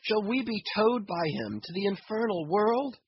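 A man voicing a devout ship's mate desperately pleading with his captain, husky-voiced. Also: high voice, lively intonation, normal speed, muffled recording, pitched above the performer's own voice. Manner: impassioned pleading, rhetorical questions.

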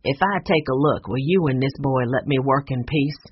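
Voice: medium pitch, normal speed, slight background noise, close to an everyday voice. Grumpy old bookseller, a narrator growling him. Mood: gruff. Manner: curt, snapping, loud bursts. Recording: dull lo-fi recording.

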